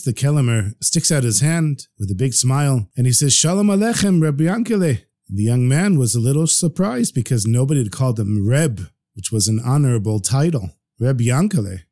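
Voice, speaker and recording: A man narrating a traditional story in an expressive podcast storytelling style. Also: medium pitch, no echo, clean studio sound.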